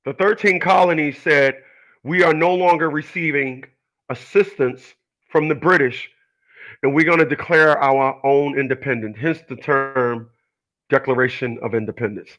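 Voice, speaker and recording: This man has a mid-range, steady voice, a bit bright, at normal speed, captured on a rough recording. He hosts his own channel and airs his opinions in a casual monologue, rambling, preachy and confrontational, with frequent repeats and restarts and arguments against imagined people.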